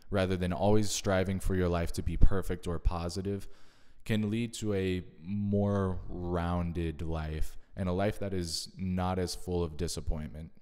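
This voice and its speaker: Low-voiced man summarizing books, reverberant. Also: darkish tone. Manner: thoughtful, measured, adds personal asides. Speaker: video creator summarizing books. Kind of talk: casual spoken book summary.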